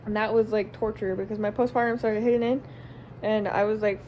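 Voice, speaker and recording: A woman's voice: medium pitch, little pitch movement, brisk, mellow, a little hiss or hum. A young woman, a stay-at-home mom, casually and candidly telling a personal story to camera, swearing constantly and stringing her sentences together with lots of "like" and "um". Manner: run-on sentences with many likes and ums.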